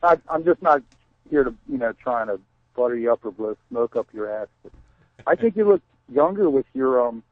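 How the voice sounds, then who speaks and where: A man's voice: mid-range voice, animated, moderate pace, no room sound. A man calling in to a talk show, eager and rambling with many fillers. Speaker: caller. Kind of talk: phone-in chat. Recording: dull lo-fi phone line.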